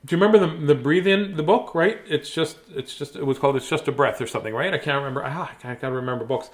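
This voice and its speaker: A man's voice: on the high side, fast talker. A man hosting a bedtime story show, chatting in a playful, rambling way with silly asides. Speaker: storybook reader and host. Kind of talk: casual bedtime story chat.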